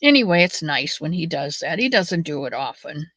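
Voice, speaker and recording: A woman hosting a knit-along, chatting in a rambling, folksy way with soft muttered asides while she knits. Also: sits low, sing-song, moderate pace, no echo, poor audio. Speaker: knitting channel host. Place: at home, knitting.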